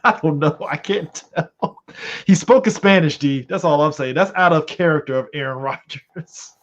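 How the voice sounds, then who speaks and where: A man's voice: a little high, moderate pace. A man co-hosting a casual football podcast, laughing often and listing his picks with lots of ums. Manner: laughs often, hesitant fillers. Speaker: podcast co-host. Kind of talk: casual sports chat. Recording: dull lo-fi mic.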